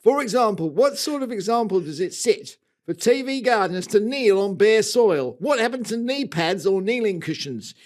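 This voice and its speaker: A man's voice: sits high, lively intonation, moderate pace, hardly any pauses, darkish tone, voice pushed up. A man reading aloud in a put-on Australian accent, voicing a fussy male listener writing in with complaints. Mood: mock-indignant. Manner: theatrical reading, mock-indignant.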